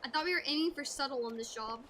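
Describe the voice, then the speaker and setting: A woman's voice: sits high, quick pace, fairly bright tone, slight background noise. A woman reading an indignant young female rogue's game dialogue aloud. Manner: indignant, exclamatory.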